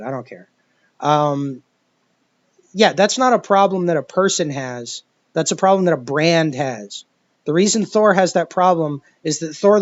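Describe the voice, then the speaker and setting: A man's voice: on the high side, dry recording. A man giving a profane, rambling commentary rant, exasperated and full of restarts. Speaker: video commentator. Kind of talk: ranting commentary monologue. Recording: dull lo-fi dry recording.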